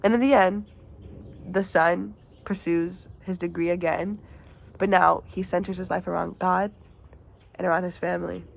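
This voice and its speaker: Young woman talking low and kinda gravelly, earnest, restarts a lot. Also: fairly even intonation, moderate pace, low-quality recording. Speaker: student presenter. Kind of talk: retelling a parable, then reflecting.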